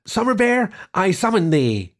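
A man voicing a mischievous, eager young girl in a storybook reading, in a raised, excited voice. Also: medium pitch, brisk, gravelly, breathy edge, exaggerated voice. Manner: excited and hopeful.

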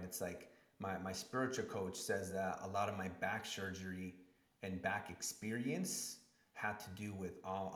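A man as an interview guest, telling a personal story in an animated way and acting out the voices of the people he quotes. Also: sits low. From Spanish-speaking family. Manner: animated storyteller, acts out quotes with rising emotion. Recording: echoey room.

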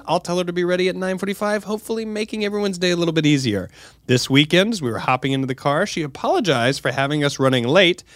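A man's voice: a little high, dry recording, studio quality. A man co-hosting a comedic advice podcast, reading a listener's letter aloud and then joking animatedly with his co-host.

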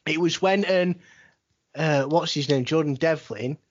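A man's voice: on the high side, measured pace, no room sound. A man, co-hosting a podcast from home in casual, sweary, rambling banter. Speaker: wrestling podcast co-host. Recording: lo-fi dry home mic.

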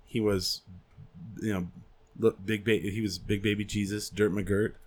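A man's voice: on the low side, level tone, measured pace. A man co-hosting a podcast, joking and swearing freely in casual banter. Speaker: podcast co-host.

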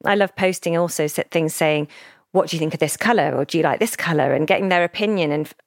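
Animated woman with a gravelly low voice. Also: fast, dry recording, clean studio sound. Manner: animated, emotional storyteller who acts out quoted speech. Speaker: founder of a children's brand, podcast guest. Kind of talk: casual interview storytelling.

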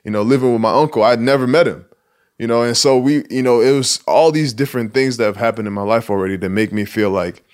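A man's voice: medium pitch, fast talker, darkish tone. A man in his twenties from Nigeria, a basketball player speaking candidly and reflectively in a casual interview, with casual swearing. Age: 20s.

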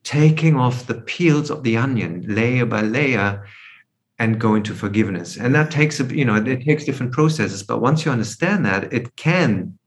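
A man's voice: mid-range voice, lively intonation, normal speed. A man coaching on forgiveness in a podcast interview, reflective, explaining through rhetorical questions.

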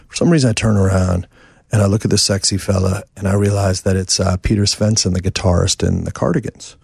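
A man's voice: low voice, fairly quick, creaky, breathy edge, no echo, clean studio sound. A man from New York, a songwriter guest, telling a long rambling anecdote with lots of fillers. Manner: animated, rambling, many fillers. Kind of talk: anecdotal storytelling. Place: house.

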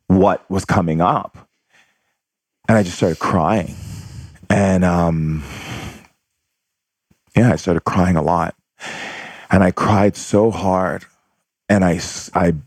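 A man's voice: deep voice, a little mellow, dry recording, studio quality. A man telling a personal story in conversation, earnest and re-enacting what was said. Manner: earnest, re-enacts voices in quotes. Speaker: guest.

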